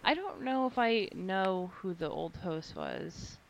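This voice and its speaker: A woman's voice: on the low side, animated, slow pace, vocal fry, slight background noise. A young American woman co-hosting a podcast, chatting casually, rambling from story to story, laughing often and swearing now and then. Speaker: podcast co-host. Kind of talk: casual chat.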